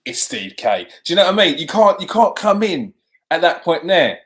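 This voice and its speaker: His voice sits high and moves fairly quickly as he hosts a live show with lively energy. He talks to the chat and tends to say things more than once.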